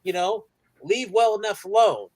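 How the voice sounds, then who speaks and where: A man's voice: high voice, animated, moderate pace, darkish tone, no room sound. A man on a casual online panel, joking in slangy everyday speech. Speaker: guest panelist. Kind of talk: casual chat.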